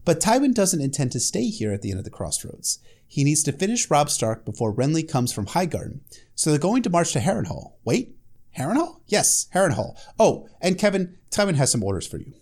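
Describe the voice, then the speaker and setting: A man's voice: fairly high pitch, big pitch swings, brisk, a little mellow. A man casually recapping a fantasy novel chapter, with sarcastic, profane asides and frequent restarts. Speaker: book recap host.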